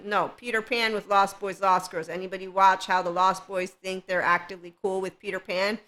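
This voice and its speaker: A woman hosts a casual spiritual podcast with a bright, forward voice at an ordinary pitch for her sex. She rambles from thought to thought, laughs often and drops sarcastic asides. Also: steady tone, a little fast, few pauses. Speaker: podcast host.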